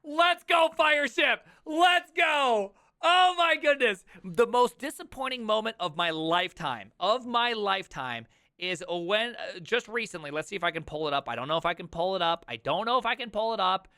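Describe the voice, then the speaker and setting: Sarcastic bright-voiced male streamer. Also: brisk, no echo, clean studio sound. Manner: sarcastic, animated, mock sales pitches. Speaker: streamer reacting to a video. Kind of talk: live stream reaction, sarcastic rants.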